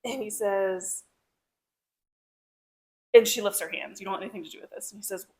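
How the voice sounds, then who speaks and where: A woman's voice: medium pitch, moderate pace, a little mellow. A woman co-hosting a book club podcast, reading favorite quotes aloud between bursts of laughter. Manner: reads quotes aloud, giggly. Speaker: podcast co-host. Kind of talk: casual book club chat.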